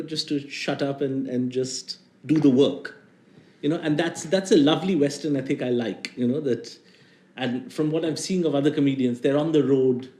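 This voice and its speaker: A man's voice: mid-range voice, darkish tone, roomy sound. Self-mocking man with a posh Indian English accent. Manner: rambling, self-mocking, lots of fillers. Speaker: comedian guest. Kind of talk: casual interview chat.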